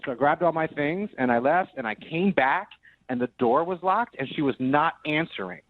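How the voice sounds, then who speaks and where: A man's voice: fairly high pitch, moderate pace, no echo. Casting note: man in his late 20s, radio caller, sheepish and rambling, tinny phone line. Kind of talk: phone call to a radio show.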